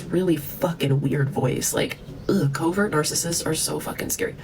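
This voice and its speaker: Gravelly woman ranting to camera. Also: deep voice, moderate pace, darkish tone, a little hiss or hum, poor audio. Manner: profane, heated, with scornful laughs. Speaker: vlogger.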